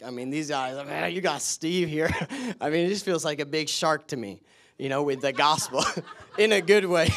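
A man with a slightly higher voice preaches in church. He laughs often as he tells his stories, then turns to fervent prayer. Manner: laughs often, excited storytelling. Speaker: guest preacher. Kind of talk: sermon storytelling and prayer.

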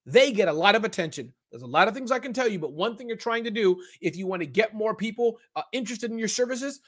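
A male host with a high-pitched voice runs a live-stream question and answer session. He fires off answers in a chatty, energetic way, with casual slang. He often piles up repeated words to stress a point. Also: fast talker. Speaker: host of a live online business summit.

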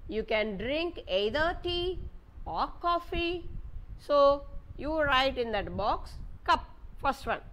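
Slow, high-voiced Indian English teacher. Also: female voice, a bit bright. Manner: slow, patient, spells words letter by letter. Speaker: primary school teacher. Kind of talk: online maths lesson for young children.

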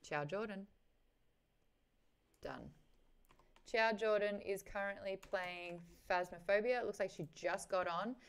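Young Australian woman host, casual streamer chat, smooth clear voice, mid pitch. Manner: chatty, quick asides and laughs. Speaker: host of a book club stream.

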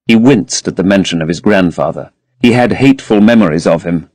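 Male audiobook narrator, low and expressive, measured pace, dry recording. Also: no echo. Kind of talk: audiobook narration of a classic novel.

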